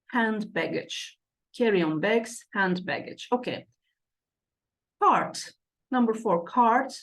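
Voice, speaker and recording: A woman teaching English vocabulary, repeating each word pair slowly and checking in with "okay" and "right". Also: a little high. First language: Turkish. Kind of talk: slow classroom lesson explanation.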